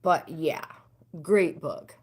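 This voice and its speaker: Middle-aged American woman, livestream host, low-pitched, casual chatter with viewers. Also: drawn-out words, breathy edge. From United States. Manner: chatty, talks back to comments, pitch swings up when animated.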